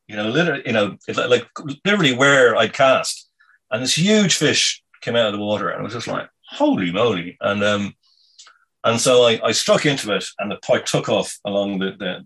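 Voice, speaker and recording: A man telling a casual anecdote in a meandering, halting way, full of ums and restarts. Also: mid-range voice, animated, a bit bright, slightly rough, low-quality recording. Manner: meandering, halting, many fillers. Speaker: storyteller.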